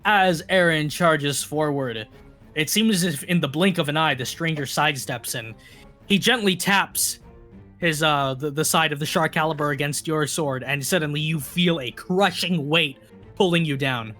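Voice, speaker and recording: A man's voice: on the high side, normal speed, sharp tone. A man narrating as dungeon master in a loose, stumbling way with many restarts, over faint music. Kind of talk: narrating a tabletop game.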